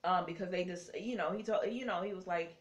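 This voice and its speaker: A woman's voice: lowish voice, a little fast. A woman casually recapping a soap opera episode for her viewers, chatty and sassy, with frequent ums and self-corrections.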